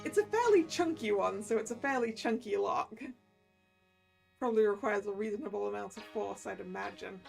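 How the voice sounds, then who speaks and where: A woman's voice: medium pitch, a little fast, gravelly, soft background music. A woman streamer chatting casually and giggling while playing a visual-novel game. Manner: chatty, giggly, muses aloud.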